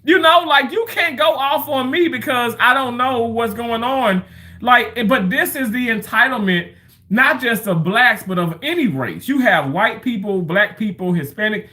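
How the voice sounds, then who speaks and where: A man's voice: very high-pitched, measured pace, pushed and bright. A man in his thirties or forties, rambling through a casual livestream monologue with chatty storytelling and loose swearing.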